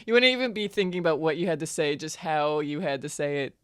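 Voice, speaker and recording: A woman's voice: sits low, animated, fast talker, a crowd in the background. A woman player on a tabletop role-play podcast, chatting casually and laughing often in an easygoing way.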